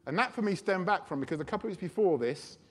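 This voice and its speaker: A man preaching a sermon, telling a personal story in a chatty, animated way. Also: high voice, quick pace.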